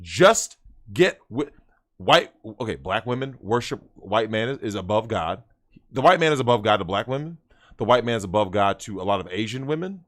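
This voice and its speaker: A man ranting loudly as a guest in crude livestream banter, brash and exaggerated. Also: lowish voice, very animated, moderate pace. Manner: loud, brash, exaggerated rants. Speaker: podcast guest.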